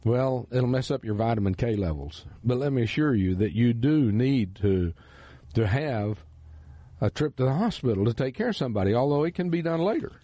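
A man's voice: mid-range voice, animated, moderate pace, dark tone, dry recording. A man with a Texan accent, hosting a radio Bible teaching program in an earnest, emphatic preaching manner. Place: radio studio.

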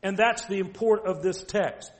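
A preacher with a high-sitting voice addresses his congregation emphatically and directly. He asks rhetorical questions and reads passages of scripture at a slow pace.

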